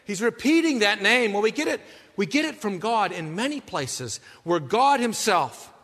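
A male preacher with a high, bright, forward voice, preaching a sermon through a storytelling delivery. His volume swings between earnest loud passages and hushed ones. Long hall reverb trails each phrase. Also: very animated, normal speed.

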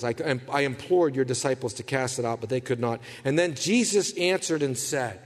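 A man preaching a sermon, swinging from hushed, low passages to fervent, raised ones. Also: in a large hall.

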